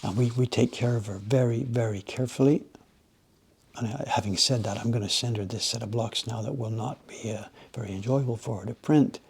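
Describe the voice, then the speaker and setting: A man with a gravelly, slightly husky voice talks casually to his livestream viewers while carving in his workshop. He rambles and tells stories with animated bursts, often dropping to a quiet murmur at the ends of his phrases. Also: mid-range voice, a little fast. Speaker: livestream host, woodblock carver. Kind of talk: casual chat while working.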